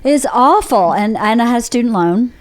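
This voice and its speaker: A Georgia woman with a Southern accent hosts a podcast, telling her own story in a candid, rambling casual chat with restarts. Her voice is a little high and animated, at a moderate pace.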